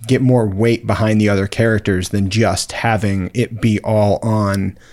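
A man's voice: fairly low pitch, fairly even intonation, a little slow, a little mellow. A young man in casual podcast chat, rambling with many "like"s and casual swearing.

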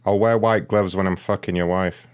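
A man's voice: low-pitched, fairly even intonation, normal speed, clean tone. A man making a prank call as a rude customer service agent, insulting and taunting the customer in a smug way.

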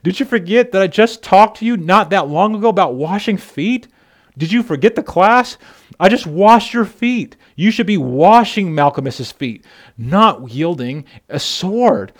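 A preacher speaking as a patient male teacher, correcting a follower in a relaxed, casual way. The voice stays close to the preacher's own, only a little higher. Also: a little slow. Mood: chiding. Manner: casual, chiding then reassuring.

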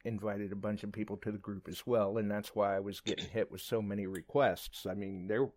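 A man hosting a live radio show, chatting excitably with big pitch jumps and quick asides. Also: dry recording, studio quality.

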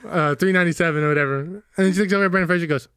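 A man's voice: high-pitched, rapid-fire. A man casually recapping a comedy film with a co-host, acting out the characters' lines and laughing as he goes. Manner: animated retelling, acting out lines, swearing, laughing. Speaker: podcast co-host. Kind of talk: casual movie recap chat.

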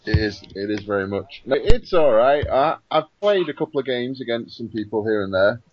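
A man's voice: mid-range voice, lively intonation, brisk. A man on a podcast as a guest, grumbling wryly in casual chat. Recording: dull audio with faint hiss.

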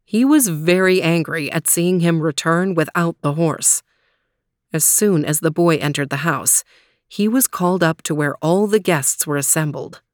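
A woman storyteller reading a storybook aloud in a calm, measured manner, then reflecting on it. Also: deep voice, no echo, clean studio sound.

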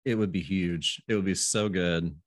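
A man's voice: low-pitched, fairly even intonation, normal speed, no echo, clean studio sound. A man hosting a casual podcast chat, easygoing, laughing often and restarting his phrases. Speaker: podcast host.

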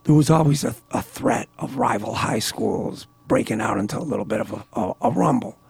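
A man of around sixty, a guest and author, telling a story in a casual, animated way, often laughing and restarting his words. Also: lowish voice, brisk, vocal fry, slightly rough, no room sound.

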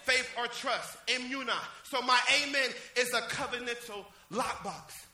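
A man preaching an exuberant sermon in church, shouting and laughing as he calls out to members of the congregation by name. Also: very high voice, measured pace, a little hiss or hum. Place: church service. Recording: echoey church with faint music.

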